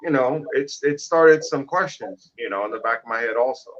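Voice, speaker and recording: A man's voice: mid-range voice, moderate pace. A man from Kansas City, co-hosting a casual discussion, rambling through stories with lots of fillers. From Kansas City, Missouri. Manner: rambling, storytelling with many fillers. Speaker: co-host. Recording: muffled lo-fi audio.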